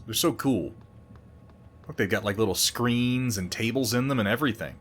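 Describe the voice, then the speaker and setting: Low-voiced sardonic man playing a game. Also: expressive, normal speed, a bit bright, a little hiss or hum. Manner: sardonic, profane, jokey. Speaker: let's play host. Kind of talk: casual gameplay commentary.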